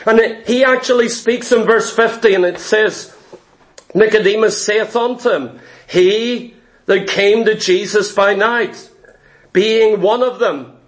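A man preaching a sermon with forceful, emphatic delivery and repeated phrases. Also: very high voice.

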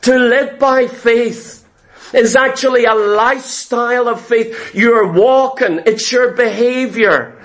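A man's voice: very high-pitched, slow pace, a bit bright. A male pastor preaching a sermon, emphatic, with rhetorical questions and repeated phrases.

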